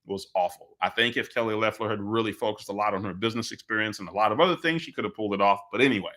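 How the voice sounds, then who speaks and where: A man's voice: lowish voice, rapid-fire, sharp tone. A man hosting his own live political commentary show, talking emphatically, repeating key phrases and acting out what people said.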